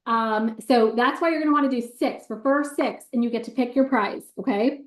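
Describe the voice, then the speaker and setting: An excited woman rattles through a sales pitch on a video call, bubbly and quick, with plenty of ums. Her voice sits a little high. The sound is echoey, as if she is in a bare room. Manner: bubbly and excited, fast-talking with many ums.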